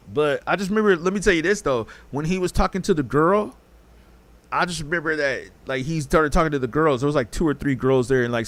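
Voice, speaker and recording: A man with a fairly high pitch hosts a podcast in a dry recording. His storytelling is casual and meandering, laced with profanity, and he acts out the things people said.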